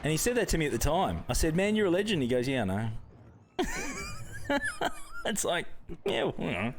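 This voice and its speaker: A man's voice: on the high side, sing-song, quick pace. Young aussie guy streaming games, chatty and laughy, lots of ups and downs in his voice, a bit of faint noise. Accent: Australian. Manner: chatty, laughs often, greets viewers by name. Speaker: streamer hosting a live gaming stream. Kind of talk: casual live-stream chat with viewers.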